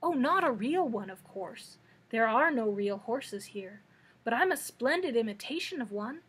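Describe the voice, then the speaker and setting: A woman's voice: on the high side, animated, measured pace, fairly bright tone, breathy edge, full character voice. A woman voicing a proud, odd male sawhorse come to life in a storybook read-aloud. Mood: meek. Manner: prim and proud, then meek.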